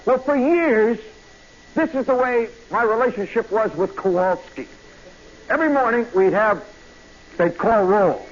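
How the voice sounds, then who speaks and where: A male radio storyteller with a high, bright-sounding voice rambles through an animated tale. He keeps tossing in asides and "you know"s. The sound is a muffled old radio broadcast with a faint hiss. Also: unhurried. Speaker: radio host.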